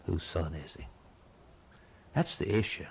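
A man preaching a sermon with dramatic delivery, swinging between loud outbursts and hushed tones and repeating phrases for emphasis. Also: low voice, very animated, unhurried, creaky, slight background noise, poor audio.

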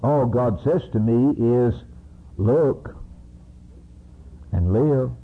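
Husky, slow-preaching man on a tinny recording. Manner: slow, emphatic preaching that rises to high-pitched climaxes. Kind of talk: sermon. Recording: narrow, phone-like recording.

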